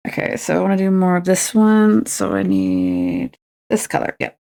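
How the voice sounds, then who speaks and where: A woman's voice: medium pitch, very animated, moderate pace, vocal fry, dark tone. A woman, chatting and rambling to herself and her viewers while she crafts on a stream. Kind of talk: casual chat while crafting.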